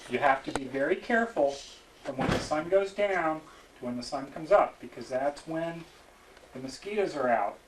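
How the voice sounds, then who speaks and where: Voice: medium pitch, lively intonation, normal speed, noisy background. An adult explaining travel health dangers to children in vivid, cautionary terms, recorded on home video. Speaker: health station presenter. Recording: distant roomy home video. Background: crowd chatter.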